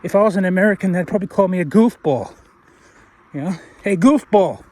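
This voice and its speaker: Aussie guy walking along a road, voice a bit on the high side, rambles on, casual and self-deprecating. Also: fast talker, a little mellow. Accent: Australian. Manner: rambling, chatty, self-deprecating, addresses viewer directly. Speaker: vlogger. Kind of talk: casual walking vlog talk.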